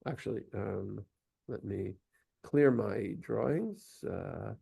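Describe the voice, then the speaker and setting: A man's voice: on the low side, takes it slowly, gravelly, dark tone, husky. A man teaching a class, explaining at length with many fillers and restarts and taking questions.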